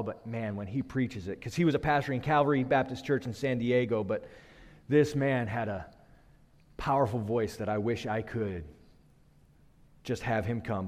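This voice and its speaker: A man preaching a sermon, building rhythmic refrains that swell and then drop low. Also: a little mellow. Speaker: pastor. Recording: long hall reverb.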